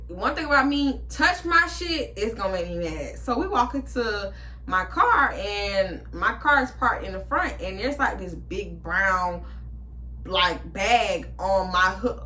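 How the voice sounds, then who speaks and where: A young woman vlogger telling a storytime to her viewers, animated and blunt, swearing freely and talking straight to them. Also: medium pitch. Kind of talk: storytime chat to camera.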